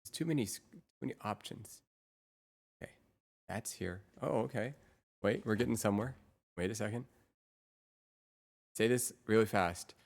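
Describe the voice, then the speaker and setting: A woman's voice: very deep voice, moderate pace, vocal fry, pauses often, darkish tone. A woman streamer chatting casually with her viewers through a real-time AI voice changer, muttering to herself while she sets up her screens. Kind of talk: casual live-stream chat.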